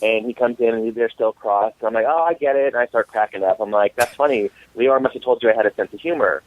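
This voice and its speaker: A man, an author and guest, telling comic dating stories in an animated way. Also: mid-range voice, quick pace, slight background noise. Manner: animated, comic storyteller acting out quotes. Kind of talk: storytelling interview. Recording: tinny phone line.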